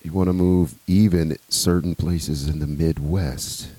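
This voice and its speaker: A man who is a comedian, speaking as a podcast guest in a laid-back way with drawn-out phrases and fillers. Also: a bass voice, fairly even intonation, mellow, husky, no echo. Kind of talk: casual podcast chat.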